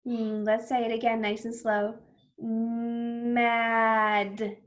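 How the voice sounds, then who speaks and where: A young woman teaching an early reading lesson to children, drawing out phonics sounds and cheering when a word is read. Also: fairly high pitch. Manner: slow, exaggerated phonics sounds with bursts of excited praise.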